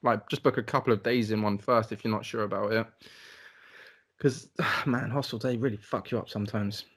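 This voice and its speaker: A man's voice: lowish voice, steady tone, normal speed, a bit bright, breathy edge. A young man co-hosting a podcast, telling a travel story in casual chat, rambling and swearing with lots of "like".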